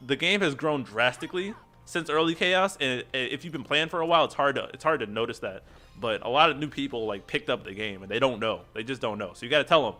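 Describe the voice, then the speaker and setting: A streamer hosting a game stream launches into a long, fast, casual rant, restarting constantly and reading from chat. His mid-range voice is bright and forceful, with lively intonation.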